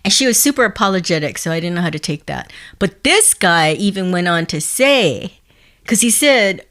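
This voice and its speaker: A woman's voice: lowish voice, lively intonation, moderate pace, fairly bright tone. A woman co-hosting a podcast, telling stories in casual chat and chuckling as she talks. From United States. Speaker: podcast co-host.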